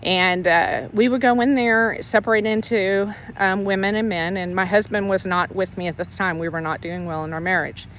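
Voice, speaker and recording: A woman tells her faith story in an earnest, emotional way. She rambles and restarts her sentences often. Her voice sits at an ordinary middle pitch, with a faint hiss of noise in the background. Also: fairly even intonation, normal speed, hardly any pauses, a bit bright. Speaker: Christian ministry leader sharing her testimony. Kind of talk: personal faith testimony, casual storytelling.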